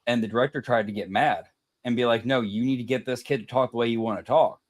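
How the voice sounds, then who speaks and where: A man's voice: mid-range voice, steady tone, fast. A man, co-hosting a casual podcast chat, telling a story and laughing at his own jokes. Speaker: podcast co-host.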